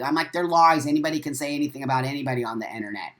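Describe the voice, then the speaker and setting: A man hosting a live-stream monologue, swearing often and repeating phrases for emphasis in a defiant, forceful rant. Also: a little high, rapid-fire. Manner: profane, emphatic ranting. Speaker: host.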